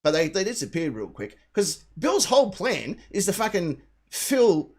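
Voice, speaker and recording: A man's voice: high voice, sing-song, moderate pace, a little mellow, husky. A man, co-hosting a live talk show and retelling a film plot in a rambling, sweary way, acting out the characters' lines. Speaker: co-host.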